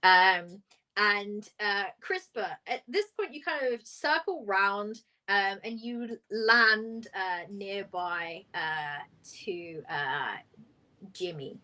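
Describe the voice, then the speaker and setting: A woman running a tabletop one-shot as game master, narrating in a lively way with many fillers and laughs. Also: mid-range voice, slow pace.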